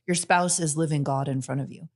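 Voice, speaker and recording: A woman's voice: sits low, steady tone, brisk. A woman hosting a podcast conversation, earnest and giggly with lots of fillers.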